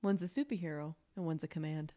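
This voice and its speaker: A woman's voice: low-pitched, quick pace, warm tone. A woman co-hosting a comedy podcast, teasing and laughing a lot. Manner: playful, teasing, laughs often. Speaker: podcast co-host. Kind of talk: casual comedy chat.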